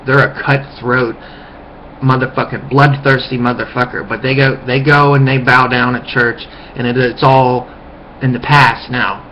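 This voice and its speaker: A man's voice: medium pitch, level tone, unhurried, a little hiss or hum. Man ranting profanely into a webcam. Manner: profane, heated, repetitive. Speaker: vlogger. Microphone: webcam mic. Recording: muffled lo-fi webcam audio.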